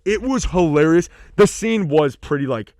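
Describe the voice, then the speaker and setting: A man's voice: a little high, animated, normal speed, darkish tone, no echo, studio quality. A young man co-hosting a podcast in casual chat, rambling with lots of fillers and swearing freely. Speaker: podcast co-host.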